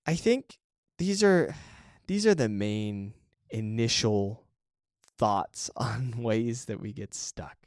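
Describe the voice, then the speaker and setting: A man's voice: on the low side, expressive, takes it slowly, a little mellow, no room sound, clean studio sound. A man hosting a solo podcast, talking through ideas in a reflective, conversational way and often checking in with the listener. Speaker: podcast host. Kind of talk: casual solo talk on creative work.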